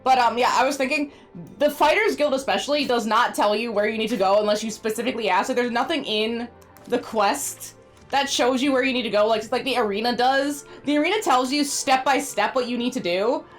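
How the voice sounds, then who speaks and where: A woman's voice: a little high, brisk, soft background music. A woman streamer chatting casually while she plays, rambling and talking sweetly to her pets. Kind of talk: casual live-stream chat while gaming.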